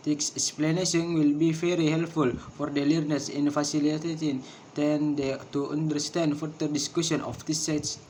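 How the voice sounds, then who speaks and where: A man teaching a pronunciation lesson, speaking slowly and deliberately and repeating each drill word. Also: a little high, level tone, darkish tone, slight background noise, low-quality recording. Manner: slow, deliberate, drills words by repeating them.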